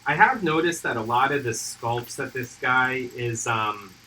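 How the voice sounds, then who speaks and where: A man's voice: mid-range voice, a little slow, a little hiss or hum, poor audio. A man hosting a hobby painting livestream, casually explaining his airbrush steps as he works. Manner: relaxed, thinks aloud while airbrushing. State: hiccuping. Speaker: miniature painting livestream host.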